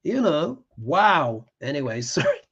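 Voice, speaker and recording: A man's voice: a little high, big pitch swings, unhurried, fairly bright tone, husky, muffled recording. A man hosting a live astrology show, reading tarot cards and ranting with emphatic passion.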